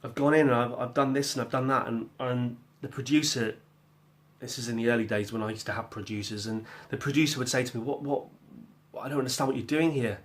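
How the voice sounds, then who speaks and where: A musician vlogger chats away in his home kitchen about making music at home, his medium-pitched voice fast and fairly even. It's a casual spoken vlog, rambling and talkative, sprinkled with jokey asides and snatches of scat-singing.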